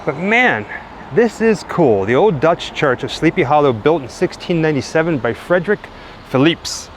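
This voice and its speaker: A man narrates a walking-tour vlog, chatty and enthusiastic as he shows viewers around. He talks into a handheld camera mic outdoors, with faint traffic passing behind him. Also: a little high. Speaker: travel vlogger. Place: outdoors in a cemetery by a busy road. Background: faint cars and trucks.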